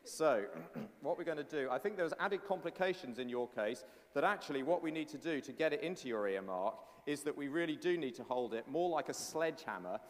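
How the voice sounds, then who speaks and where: Preacher in an echoey church hall. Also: male voice, fairly high pitch, fairly quick, hardly any pauses. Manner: animated, playful with children, acts out voices of doubters. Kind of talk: sermon with children's object lesson. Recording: long echoey hall reverb.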